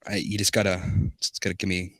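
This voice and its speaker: Raspy gravelly guy goofing around reading a fanfic, tense bright tone, dry mic. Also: low voice, completely flat delivery, quick pace, no echo. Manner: mumbled asides, joking with co-host. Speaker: comedy reader. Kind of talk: casual comedic dramatic reading.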